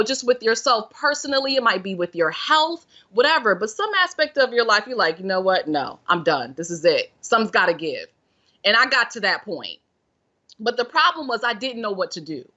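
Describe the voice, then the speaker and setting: A bright, forward-voiced woman recounts her own story as a podcast guest, earnest and expressive, slipping into the voice of her past self. The audio is dull and lo-fi, like a remote call. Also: on the high side. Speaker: podcast guest, self-care and meditation guide. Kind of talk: personal story told in conversation.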